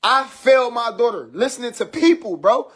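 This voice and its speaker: With a very high, animated voice at a moderate pace, a father tells his own story in blunt street slang, calling listeners "bro." He acts out quoted exchanges with his daughter, and the clip is played from a video.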